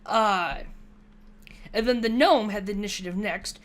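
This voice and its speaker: A woman's voice: medium pitch, unhurried, long pauses. Chatty woman rambling over gameplay. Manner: rambling, chatty storytelling with self-mocking asides. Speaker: gaming YouTuber. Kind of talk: casual gameplay commentary, recounting a tabletop session.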